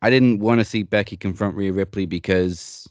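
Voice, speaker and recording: Deep guy hosting a wrestling chat, blunt, swears, dry sound. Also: steady tone, moderate pace, dry recording. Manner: blunt, joking, swears freely. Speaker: podcast host.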